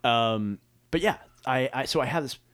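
A man's voice: medium pitch, moderate pace, fairly bright tone. A young adult man co-hosting a podcast, joking and self-mocking, laughing often. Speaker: podcast co-host. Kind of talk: casual chat.

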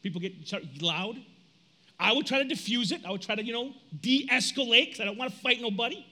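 A man in his forties preaching a sermon in a casual, animated way, reading scripture and breaking into loud outbursts. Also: very high-pitched, brisk. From United States. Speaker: pastor.

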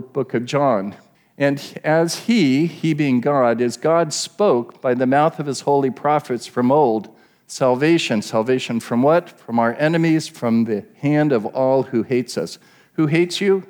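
A man's voice: medium pitch, a little mellow. A middle-aged man preaching a Bible sermon, explaining the verses and asking his listeners questions.

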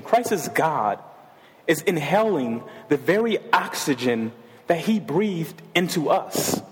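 A male pastor preaching a sermon in a casual, conversational way, with jokes and asides. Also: fairly high pitch. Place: church sanctuary with a stage. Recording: long reverb of a large church hall.

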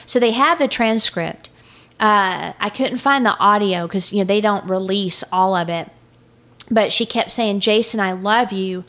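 Woman co-host for a true crime chat, even delivery, mid-range pitch. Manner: reads out a transcript in a level, unhurried voice.

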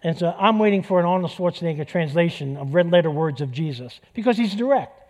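A man's voice: fairly high pitch, expressive, fast, darkish tone. A middle-aged man preaching a sermon in a church, conversational, joking and repeating key phrases for emphasis. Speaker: pastor.

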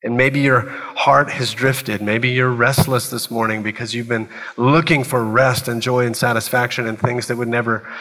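Bright-voiced preacher in a reverberant hall. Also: male voice, mid-range voice, level tone, moderate pace, few pauses. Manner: earnest, speaks in short repeated phrases. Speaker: pastor. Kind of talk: sermon.

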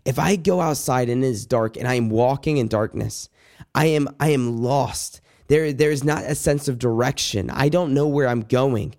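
A man giving an earnest, personal Bible devotional, talking in a halting way with many restarts and asides addressed to God. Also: mid-range voice, darkish tone. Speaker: devotional speaker. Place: indoors at night.

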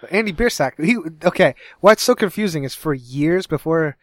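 A man's voice: fairly high pitch, lively intonation, moderate pace, dry recording. A young man from Cincinnati co-hosting a podcast in casual chat, rambling and correcting himself as he goes. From Cincinnati, USA. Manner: rambling, self-correcting, laughs often. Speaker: podcast co-host.

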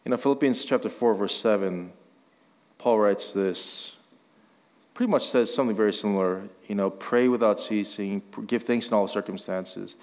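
A man's voice: lowish voice, moderate pace. A male guest pastor preaching a sermon, conversational and joking, building to emphatic exhortation. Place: church sanctuary. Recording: long reverb of a church hall.

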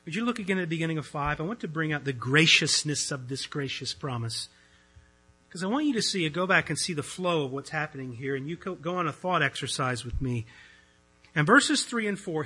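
A pastor delivers an earnest sermon in a conversational tone, his voice rising loud and then dropping almost to a hush. His voice sits high for a man and sounds very bright and edgy. It carries a husky grain throughout. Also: low-quality recording. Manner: earnest, conversational preaching with swings between loud and hushed. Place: church.

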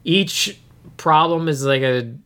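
A man's voice: on the high side, takes it slowly, a bit bright, smooth. Brief: male podcast co-host, loose and rambling, talks through a movie plot. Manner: rambling, many filler "like"s and restarts. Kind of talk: casual chat recapping a movie.

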